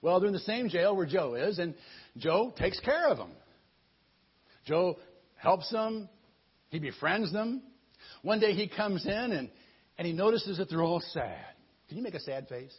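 Brief: husky-voiced male storyteller, playful, high and lively pitch, kids' sermon. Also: unhurried, pauses often. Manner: playful, chatty, addresses children. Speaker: children's Bible storyteller. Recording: muffled lo-fi recording.

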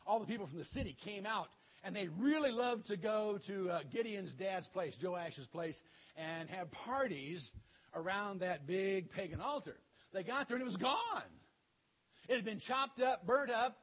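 A man's voice: high-pitched, breathy edge, highs cut off. A man preaching a children's story sermon, retelling a Bible story in a playful, conversational way.

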